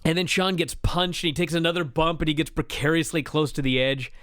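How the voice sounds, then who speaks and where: A man co-hosting a wrestling review show, retelling a match with excited, profane storytelling. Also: on the high side, brisk, dry recording. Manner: animated storyteller, swears freely, laughs while telling. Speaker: wrestling podcast co-host. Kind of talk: excited casual review chat.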